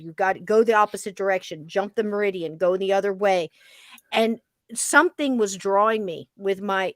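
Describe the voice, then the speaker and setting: Woman podcast host telling a personal story, animated and chatty, dry close sound. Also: medium pitch, no room sound. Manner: animated, acts out the scene, many "you know" fillers. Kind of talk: personal story told in casual chat.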